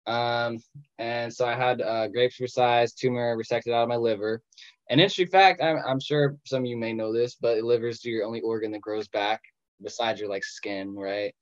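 A man's voice: mid-range voice, steady tone, normal speed, dry recording, lo-fi sound. Young man telling a joking story. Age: 20s. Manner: joking, self-mocking, quotes others in his telling. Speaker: patient sharing his story. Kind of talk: casual storytelling. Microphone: video call.

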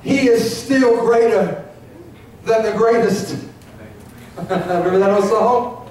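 A man's voice: high voice, takes it slowly, a little mellow, a little hiss or hum. A man preaching an impassioned, emotional sermon as pastor of a church, captured from a distance in the sanctuary. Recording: echoey church recording from far off.

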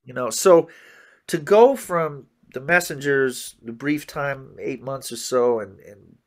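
A man in his fifties telling animated stories as an interview guest, often saying "man" and "you know" and acting out other people's words. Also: medium pitch, slow pace. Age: 50s. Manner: acts out others' words in quoted dialogue. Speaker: interview guest, jazz musician. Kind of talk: conversational storytelling interview.

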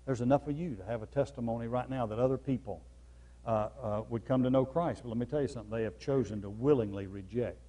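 A man preaching from the pulpit. He drives his points home by repeating phrases, rising to loud, emphatic lines and then dropping to soft, low ones. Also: fast talker. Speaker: pastor. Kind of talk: sermon.

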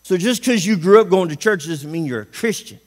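A man's voice: high-pitched, lively intonation, a little fast. A man preaching a folksy, emphatic sermon in a church, asking the congregation questions.

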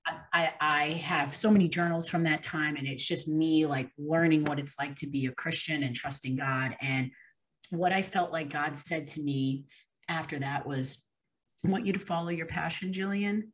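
Low-voiced woman telling a personal story. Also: steady tone, normal speed. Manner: earnest, with many fillers and restarts. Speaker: interview guest.

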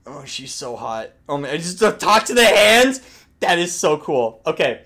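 A young man reacting to a game trailer, hyped and foul-mouthed. His voice swings all over, sharp and bright at the peaks. He keeps breaking into shouts, then dropping back to mutters. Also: on the high side, very animated, a little slow. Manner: loud, swearing, hyped outbursts. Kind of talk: excited reaction commentary.

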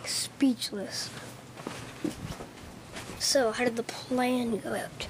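A woman acts out a homemade fan skit, voicing every character herself and jumping between high and low voices as they bicker. She speaks extremely slowly in a steady tone, and there's a little hiss or hum.

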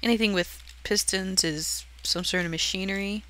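A woman's voice: medium pitch, fairly even intonation, moderate pace, fairly bright tone, slight background noise. A young woman giving a casual, giggly, self-deprecating walkthrough of something she built in a game. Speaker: channel host touring her build.

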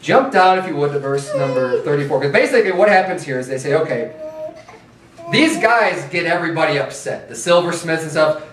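Guy preaching in church, kinda high voice, sounds roomy and a bit far off. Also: lively intonation, brisk, fairly bright tone. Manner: conversational preaching with mocking chants. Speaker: pastor. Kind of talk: sermon. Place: church sanctuary.

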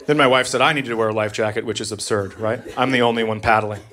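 A fast-talking comedian in his thirties stands before a loud club audience, holding a stage mic and delivering his bits deadpan and exasperated. He slips into shrill voices whenever he plays his family members, while laughter and room noise surround him on the live recording.

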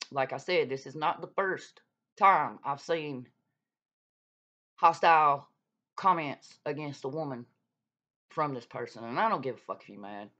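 A woman's voice: very deep voice, fairly bright tone. A woman, ranting on her channel in a blunt, profane, scolding way. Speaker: YouTube vlogger calling out another creator. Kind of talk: heated casual rant. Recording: dull lo-fi sound.

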